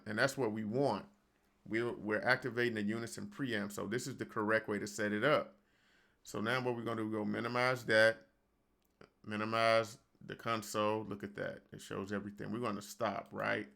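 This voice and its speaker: Low gravelly man giving a casual studio tutorial. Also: a little mellow. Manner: loose and conversational, addresses viewers as y'all. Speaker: home studio tutorial host. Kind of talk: casual screen-recorded software tutorial. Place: home recording studio. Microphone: studio microphone.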